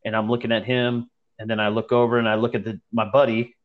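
A young man with a fairly low voice tells friends a story at a quick pace, and the recording sounds lo-fi. He's profane and slangy, animatedly acting out the people in his tale.

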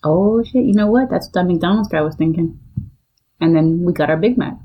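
A woman's voice: lowish voice, moderate pace, slightly rough, lo-fi sound. A woman co-hosting a casual podcast, joking and playful, drawling out her asides. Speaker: podcast co-host. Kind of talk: casual chat.

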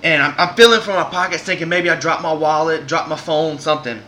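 A man's voice: on the high side, quick pace, sharp tone, slight background noise. A man hosts a podcast. He tells a long personal story in a casual, earnest way and often restarts his sentences. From Southern United States. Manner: earnest, rambling, many restarts. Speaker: podcast host.

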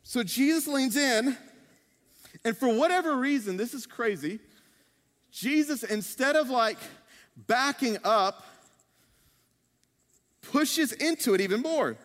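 High-voiced male preacher in a reverberant hall. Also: expressive, slow pace, long pauses, a bit bright. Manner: humorous, conversational preaching with playful acted asides. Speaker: pastor. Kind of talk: sermon. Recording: long reverb of a large hall.

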